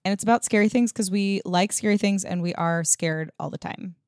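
A woman in her thirties co-hosting a comedy podcast, talking fast and excitedly with frequent laughs. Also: medium pitch, no echo, clean studio sound. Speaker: podcast co-host. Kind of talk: casual comedic chat.

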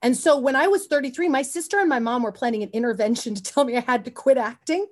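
An animated woman talks through a long story on a podcast, her voice pitched a little high. She rambles, circles back and drops in quick asides as she goes. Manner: often says "you know what I mean". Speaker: actor and podcast guest. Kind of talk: casual interview storytelling.

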